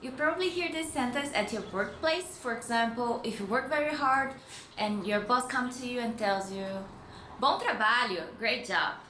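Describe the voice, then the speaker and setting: A woman with a Brazilian accent teaching Portuguese phrases in English, with clear, friendly explanations and slowly spoken model phrases. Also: a little high, pushed and bright. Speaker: language teacher. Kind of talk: language lesson with example phrases. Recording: echoey room with faint noise.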